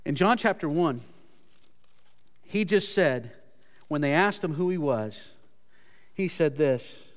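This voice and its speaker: A man preaching a sermon earnestly, his pitch and loudness swinging as he repeats words for emphasis. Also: expressive, takes it slowly, pauses often, in a large hall. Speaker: pastor.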